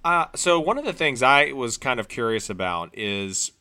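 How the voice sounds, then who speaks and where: Bright-voiced man in joking trailer chat. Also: moderate pace. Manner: animated, joking, pitch jumps when excited. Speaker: podcast co-host. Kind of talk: casual trailer-review chat.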